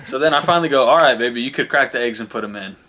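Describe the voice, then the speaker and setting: A young man, a podcast co-host, telling casual stories and acting out the dialogue with animated delivery. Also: mid-range voice, racing, slight background noise. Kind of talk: casual storytelling chat.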